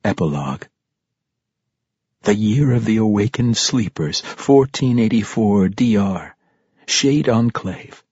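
Male fantasy audiobook narrator, unhurried and husky, measured dramatic delivery, dry dull recording. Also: on the low side, lively intonation, darkish tone, dry recording.

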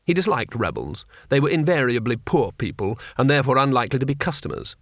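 Expressive male audiobook narrator. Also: mid-range voice, fast talker, no echo, clean studio sound. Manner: expressive storytelling. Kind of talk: scripted narration.

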